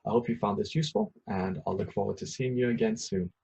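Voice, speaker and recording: A man's voice: fairly low pitch, fast talker, gravelly, a little mellow, breathy edge, rough recording. A man teaching an English grammar lesson, patiently repeating each point with a few ums and uhs.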